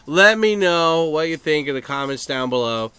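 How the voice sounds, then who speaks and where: A man ranting casually to his camera for his channel, swearing freely and acting out other people's lines in quick put-on voices. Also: on the high side, lively intonation, sharp tone, smooth, dry recording. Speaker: YouTuber. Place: Japan.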